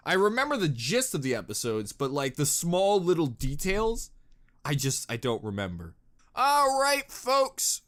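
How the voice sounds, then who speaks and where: A man hosting a reaction video, chatting casually and goofily, jumping between low mutters and excited yells. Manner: goofy, exclamatory, jumps between mutters and yells.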